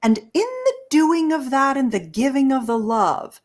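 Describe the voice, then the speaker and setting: Guesting on an interview show, this woman, a relationship expert, speaks with coaching-style enthusiasm and frequent laughter in conversation. Her voice is high, with big swings in pitch, and her pace a little slow.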